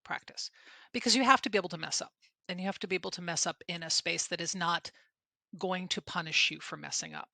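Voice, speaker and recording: A middle-aged woman co-hosts a chat about public speaking. Her voice sits slightly low but rings bright and forward, and she talks candidly, with emphatic stresses and self-deprecating asides. The recording is close and dry. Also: fast, gravelly, no echo. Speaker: podcast co-host and presentation trainer. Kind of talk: conversational podcast chat.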